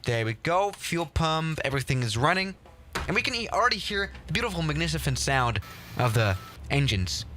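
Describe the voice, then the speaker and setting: A young man hosting a game livestream, chatting casually in an excitable, rambling and self-mocking way. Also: fairly high pitch, a little fast, a little hiss or hum. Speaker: livestream host.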